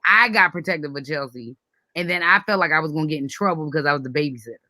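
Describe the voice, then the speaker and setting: A woman's voice: low voice, racing, no room sound. A woman in her forties hosting a casual chat, telling a family story with lots of laughter and acted-out quotes. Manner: animated, acts out quoted voices, laughs often. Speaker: host.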